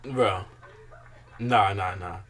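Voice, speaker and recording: A man's voice: lowish voice, extremely slow, a bit bright. A young man co-hosting a reaction stream, joking and laughing in casual slang.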